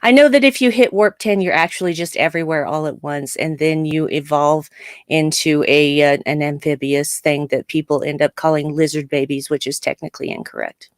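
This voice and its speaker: Woman, co-host, low-pitched, animated, laughs a lot, dry home-mic sound. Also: brisk, no echo. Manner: chatty, animated, laughs often. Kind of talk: casual live-stream chat.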